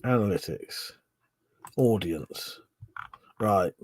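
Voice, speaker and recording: Tipsy man, husky voice. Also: lowish voice, expressive, very slow, no room sound. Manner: swears a lot, laughs often, rambling. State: drunk. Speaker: livestream host. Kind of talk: casual live chat reading viewer comments.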